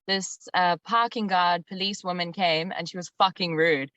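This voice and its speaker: A woman's voice: on the low side, steady tone, normal speed, a bit bright, no room sound, lo-fi sound. A woman from South Africa, a musician guest in a casual interview, talking frankly with swearing and many "like"s.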